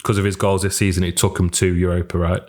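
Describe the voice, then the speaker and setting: Brief: low-pitched man, podcast co-host, relaxed enthusiastic fan chat. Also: fast talker. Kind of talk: casual football podcast chat.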